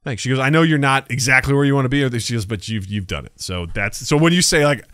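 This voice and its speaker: This podcast co-host, a man in his thirties, has a clear, resonant, medium-pitched voice and a fast delivery. He chats casually, tells lively stories, and acts out the people he quotes, all captured in studio quality with no echo.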